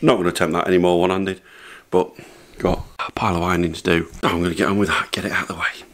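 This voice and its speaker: Talking fast to a handheld camera, a middle-aged vlogger wanders through casual chat while doing jobs in his back garden near a hot tub. His voice is low, steady and fairly bright.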